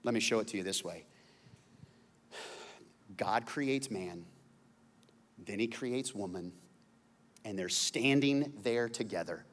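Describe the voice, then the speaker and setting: Guy pastor preaching casual-style, stutters on repeats, gets real loud, big echoey church hall. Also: fairly low pitch, takes it slowly, long pauses, a little hiss or hum. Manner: conversational, repeats words when searching, jokes and laughs, climbs to shouting. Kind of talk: sermon. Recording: long hall reverb.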